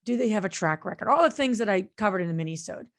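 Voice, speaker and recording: Talking very fast with vocal fry, this medium-pitched podcast co-host and real estate investor shares a story animatedly. She comes across earnest, often restarting sentences and filling gaps.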